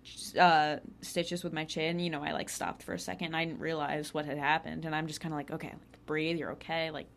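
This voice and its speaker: A woman's voice: deep voice, level tone, brisk, gravelly, slight background noise. A young woman telling a personal story in a casual, chatty way, full of filler words and laughs. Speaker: podcast host.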